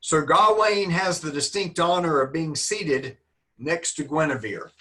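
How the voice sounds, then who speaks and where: A man's voice: fairly high pitch, measured pace, fairly bright tone. A man, teaching a literature class online in a folksy, joking, encouraging manner.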